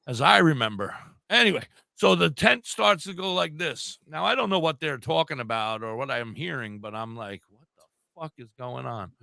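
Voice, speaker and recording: Older male podcast co-host, very gravelly, animated and laughing storyteller. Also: mid-range voice, no echo. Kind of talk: casual storytelling chat.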